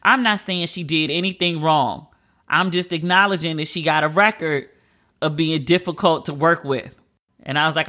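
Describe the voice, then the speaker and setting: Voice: medium pitch, normal speed, sharp tone. A commentator reading entertainment news aloud in a casual, chatty way and reacting openly between the items.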